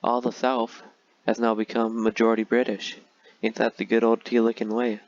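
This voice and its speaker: A man's voice: medium pitch, monotone, moderate pace, dull audio. A man talking casually and sarcastically through a strategy game, with frequent filler words. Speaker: gaming video creator.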